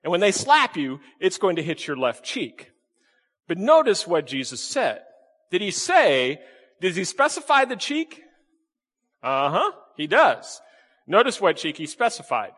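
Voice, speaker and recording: Lively pastor preaching in a hall. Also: male voice, high voice, measured pace. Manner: lively, questioning the congregation, playful asides. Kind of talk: sermon. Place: church sanctuary with congregation.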